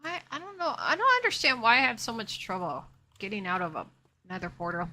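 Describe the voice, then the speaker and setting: A woman's voice: fairly high pitch, animated, a little fast, pushed and bright. A woman streaming a game live, chatting casually with her viewers and talking herself through what she is doing. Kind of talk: casual live-stream chat while playing.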